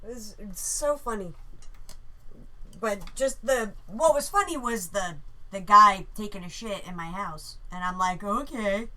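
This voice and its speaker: A woman casually telling a story about a dream, animated and swearing freely. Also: medium pitch, unhurried.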